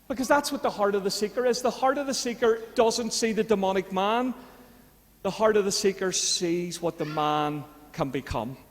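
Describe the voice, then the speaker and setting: A man's voice: sits high, moderate pace. A man with a Northern Irish accent preaching a sermon in a church, talking in a conversational way that rises to fervent appeals. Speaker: pastor. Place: church hall. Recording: long church reverb.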